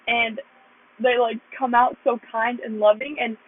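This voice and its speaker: A woman's voice: on the high side, fairly even intonation, a little slow. A young American woman earnestly telling her faith testimony in a rambling way, full of "like". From United States. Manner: earnest, rambling, heavy use of "like". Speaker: vlogger sharing her testimony. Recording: tinny phone-like sound.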